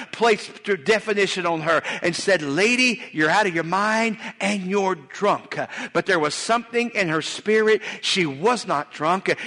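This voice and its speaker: A preacher with a high, bright, forceful voice that carries through a church hall with long reverb. He talks folksy and conversational, tossing in asides and restarting his phrases as he preaches. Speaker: pastor. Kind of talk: sermon. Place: church sanctuary.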